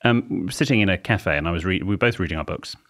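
A man's voice: sits low, fast, a bit bright. A man co-hosting a comedy podcast, telling wry, rambling anecdotes in casual chat. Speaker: podcast co-host.

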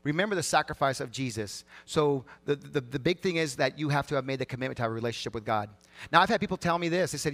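A man preaching a sermon as pastor of a church service, emphatic and swinging between loud and hushed. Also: medium pitch, fast, vocal fry.

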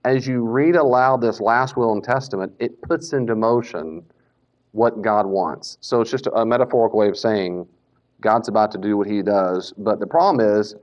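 A man teaching a Bible class in a casual lecture style, animated and self-correcting, now and then acting out the speakers he quotes. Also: on the low side, moderate pace. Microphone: Bluetooth mic that cuts out. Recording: dull lo-fi lecture recording.

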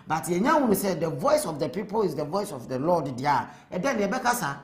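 A man's voice: fairly high pitch, very animated, brisk, roomy sound. A Ghanaian man hosting a live show, speaking earnestly and urging listeners to speak up for change. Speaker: host. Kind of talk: talk-show monologue.

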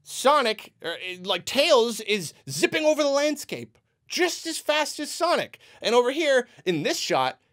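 Taking his time, a man unloads an exasperated, rambling movie review. He keeps restarting, acts out the reactions he quotes, and lets his pitch swing all over, staying loose and lively throughout.

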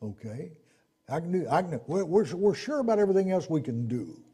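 A man preaching a sermon, swinging between loud emphatic points and low asides, acting out the people he quotes. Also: sing-song, a little fast, breathy edge.

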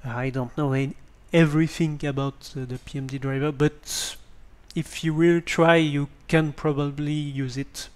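A man with a French accent giving a hesitant spoken tutorial on a basic microphone, pausing often with ums and restarts. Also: fairly high pitch, steady tone, a little mellow. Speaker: tutorial presenter.

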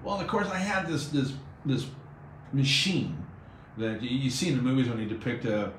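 A man's voice: medium pitch, normal speed, reverberant, a little hiss or hum, poor audio. A man hosting a radio chat show, telling a long story and acting out the voices of the people in it. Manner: animated storyteller, acts out quoted voices. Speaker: radio host.

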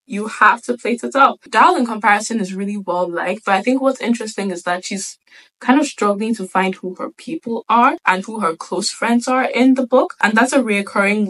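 A woman's voice: medium pitch, a bit bright, rough recording. A woman book vlogger chatting casually as she retells a story, with many fillers. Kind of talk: casual book review chat.

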